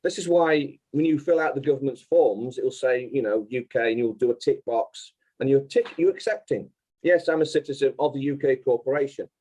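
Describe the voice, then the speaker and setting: A man's voice: mid-range voice, brisk, mellow, rough recording. A man speaking as an interview guest, explaining insistently and step by step.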